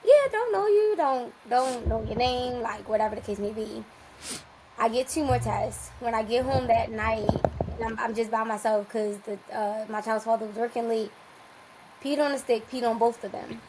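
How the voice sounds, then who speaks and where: Animated woman telling a story, slightly high. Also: slight background noise, poor audio. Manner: animated, laughs often, quick restarts. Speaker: podcast guest. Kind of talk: casual storytelling.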